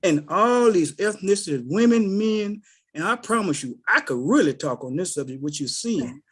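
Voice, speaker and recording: With a breathy edge, his voice sits high and moves at normal speed. The middle-aged man tells personal stories on a group call, an animated storyteller acting out the voices of the people involved, in casual spoken testimony as a call participant.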